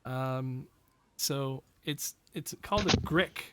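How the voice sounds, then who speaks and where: A man running a tabletop fantasy game as game master, relaxed and quick to laugh, with plenty of fillers. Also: mid-range voice, clean tone, no echo.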